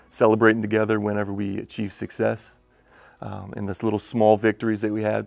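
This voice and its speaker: A male teacher speaks to his students from the heart, his voice low and gravelly and kept to a narrow, even pitch. He sounds emotional and close to tears. Faint music plays behind him. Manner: emotional, holding back tears.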